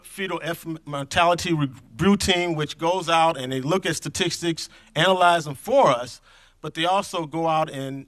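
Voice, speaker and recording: A middle-aged man gives a conference talk with an earnest, conversational manner. His voice is bright and forceful and sits a little high for a man. He tells his story loosely, straying from his prepared script. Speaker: conference speaker on infant health programs.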